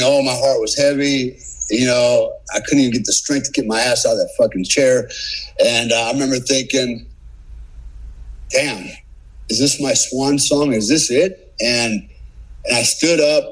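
A former special forces operator from the United States, appearing as a podcast guest, tells a war story in a husky, mid-range voice. He's animated and swears freely, acting out the quotes in a casual storytelling style, though the recording quality is low.

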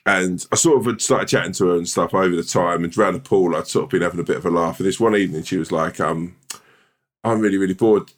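A man's voice: sits low, steady tone, fast, hardly any pauses. A man co-hosting a podcast, telling a rambling, self-deprecating story in casual chat and laughing through it. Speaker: podcast co-host.

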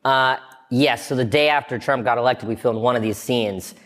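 Man, thirties, comedian, casual interview chat, animated storyteller, laughs a lot. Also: medium pitch, normal speed. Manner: animated storyteller, acts out quoted lines, laughs often. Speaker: guest, comedian and show creator.

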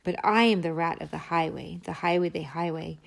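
Woman doing a greedy rat robber, bossy and boastful, loud rhythmic chanting, low-set voice. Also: fairly quick, gravelly. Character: greedy bullying male rat highwayman.

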